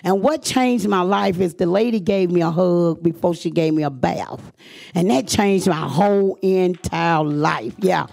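A woman's voice: on the low side, measured pace, gravelly, a little mellow. A woman gives a personal testimony to an audience, telling her story earnestly and acting out the voices she quotes. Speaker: speaker sharing her recovery story.

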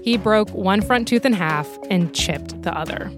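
A woman hosting a podcast, telling a true story in scripted documentary narration with a measured storytelling manner. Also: medium pitch, music in the background.

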